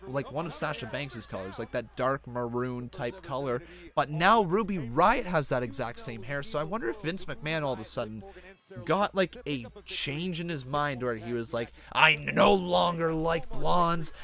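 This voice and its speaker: A man hosting a live stream who chats about a wrestling show as it plays and reads out viewer donations, getting excitable at big moments. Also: a little high. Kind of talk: live wrestling reaction commentary.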